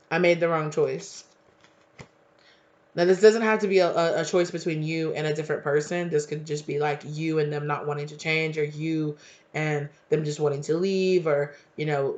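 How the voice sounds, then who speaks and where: Man, tarot reader, gravelly, fairly high voice, chatty and slangy, dull lo-fi audio. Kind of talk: casual tarot reading. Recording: dull lo-fi recording.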